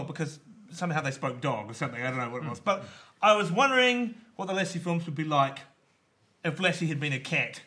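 A man with a high voice that swings widely tells a rambling comic story as a panel show guest. His delivery is animated and loose, with plenty of fillers. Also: a little fast. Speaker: comedy panellist.

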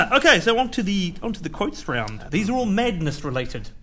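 A man's voice: sits high, big pitch swings, moderate pace, very noisy. A man hosting a comedy quiz as quizmaster, playful and laughing often as he reads out quotes. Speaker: quizmaster and guest host.

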